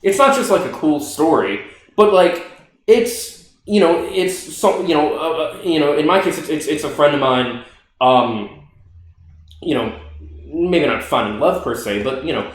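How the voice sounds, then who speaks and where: Excitable swearing young man in an echoey room. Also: fairly high pitch, a little slow. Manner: excitable, swears often, animated storytelling. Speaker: podcast co-host. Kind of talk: casual chat.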